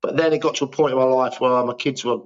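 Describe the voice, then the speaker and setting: Male, 50s, mid pitch, self-deprecating raconteur, lo-fi sound. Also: fairly even intonation, quick pace. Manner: rambling self-deprecating storytelling. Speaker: guest actor. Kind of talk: casual interview chat.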